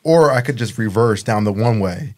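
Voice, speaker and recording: A man's voice: lowish voice, animated, normal speed, darkish tone. A man in casual podcast chat, recounting a story in a laid-back way. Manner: laid-back, laughs through his story. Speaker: podcast guest.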